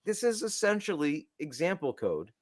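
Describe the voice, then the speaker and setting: A man's voice: a little high, big pitch swings, moderate pace, no room sound, clean studio sound. A man co-hosting a developer podcast, telling stories in a casual, rambling way with many restarts. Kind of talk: casual tech chat.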